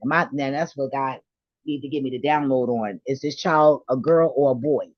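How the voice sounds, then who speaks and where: A woman's voice: extremely low pitch, moderate pace, no echo, lo-fi sound. Blunt, profane woman ranting about faith. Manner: blunt, profane, preachy, confrontational. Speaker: vlogger. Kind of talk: ranting spiritual monologue.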